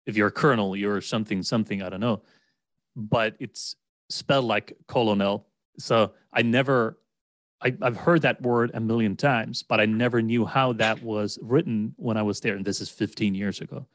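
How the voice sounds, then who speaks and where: Man with a Swedish accent, fairly low voice, dry close sound, rambling podcast chat. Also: steady tone, moderate pace, fairly bright tone, no room sound. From Sweden. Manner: rambling, with frequent restarts and laughs. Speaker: podcast co-host. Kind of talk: casual chat.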